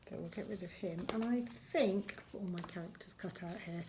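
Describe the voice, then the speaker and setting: A woman teaching a recorded lesson to young children, gentle and encouraging, slowing down to spell out words as she writes them. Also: on the low side, slight background noise. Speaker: primary school teacher.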